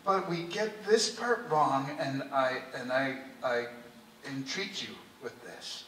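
Impassioned preacher, bright voice, echoing church. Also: male voice, mid-range voice, slow, far from the mic, slight background noise. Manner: impassioned, heartfelt, often drops to a hushed earnest tone. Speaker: priest. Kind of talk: sermon. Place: church sanctuary. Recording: echoey church recorded from afar.

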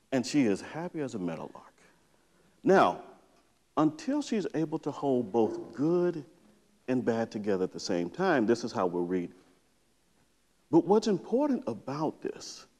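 A middle-aged man, a psychotherapist, giving a conference talk and telling a story by acting out how he reads to his daughter. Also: mid-range voice. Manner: storytelling, lively, acts out reading to his daughter. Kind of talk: conference presentation. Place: large lecture hall with reverb. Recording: long hall reverb.

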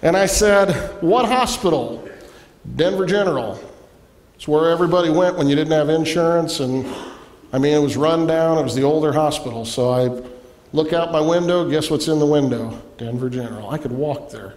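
Man, guest preacher, storytelling sermon, animated, roomy church echo. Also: fairly high pitch, brisk, a little hiss or hum. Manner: animated storytelling, acts out quoted voices. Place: church sanctuary. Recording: echoey church hall.

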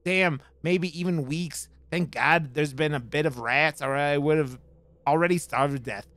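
A man's voice: on the high side, moderate pace, fairly bright tone, natural voice. A man voicing a desperate, trapped male treasure seeker, reading his note aloud in a put-on Scottish accent.

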